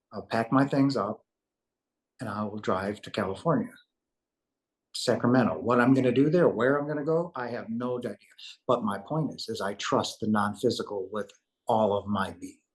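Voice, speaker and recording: A man being interviewed, telling a personal story casually and earnestly, and acting out the conversations he remembers. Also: lowish voice. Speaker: interview guest recounting a near-death experience.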